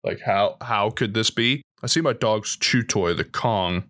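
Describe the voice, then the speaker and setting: A man's voice: fairly low pitch, measured pace, fairly bright tone. A young man co-hosting a casual podcast, reading rules aloud and adding jokey asides. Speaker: podcast co-host. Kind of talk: casual chat.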